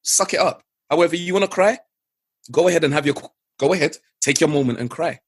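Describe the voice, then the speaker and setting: Male podcast guest, middle-aged, husky and earnest, animated storyteller, dry close mic. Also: a little high, brisk, dry recording. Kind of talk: candid conversation.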